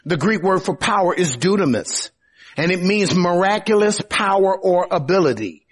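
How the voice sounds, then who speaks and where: A man preaching a sermon in a husky, high voice that swings widely in pitch. He talks slowly and emphatically, leaning on rhetorical questions and dramatic turns.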